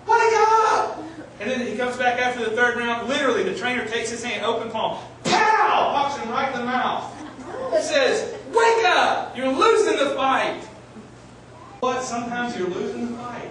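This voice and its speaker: A man preaching a sermon, telling animated stories and shouting out the lines he quotes. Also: very high-pitched, a little hiss or hum. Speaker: pastor. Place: church sanctuary. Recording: echoey church hall, mic at a distance.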